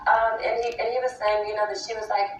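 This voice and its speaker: A woman guest on a talk show, telling stories in a lively, laughing way and acting out the dialogue. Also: medium pitch, fast talker, echoey room, distant mic, faint music behind, rough recording. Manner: animated, laughing, acts out quoted dialogue. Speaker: actress guest. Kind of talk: casual talk-show storytelling.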